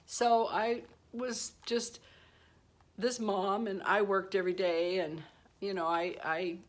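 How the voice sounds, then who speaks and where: A woman in her sixties chatting casually on her vlog, self-deprecating and quick to laugh at herself, telling stories with playful asides. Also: mid-range voice, fairly even intonation. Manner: warm storytelling with playful asides. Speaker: beauty vlogger. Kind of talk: casual personal vlog chat.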